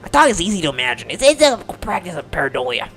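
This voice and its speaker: A woman's voice: on the low side, very animated, fast talker, a bit bright, poor audio. A woman voicing a cool, dry young male puzzle master who explains things matter-of-factly in a visual novel. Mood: explaining. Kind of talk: voiced visual novel reading.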